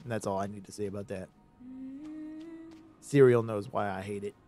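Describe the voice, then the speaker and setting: A man streaming a game, rambling in casual commentary with sudden excited outbursts. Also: lowish voice, normal speed, soft background music.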